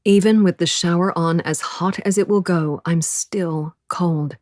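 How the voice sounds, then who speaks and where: A woman's voice: lowish voice, fairly even intonation, unhurried, a little mellow, no room sound, studio quality. A woman narrating a novel in the first person, with an intense, breathless inner-monologue delivery. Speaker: audiobook narrator.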